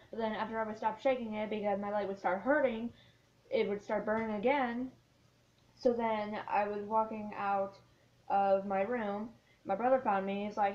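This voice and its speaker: A teenage girl telling a story in a casual vlog, rambling with lots of filler words. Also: medium pitch. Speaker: vlogger. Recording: dull lo-fi sound.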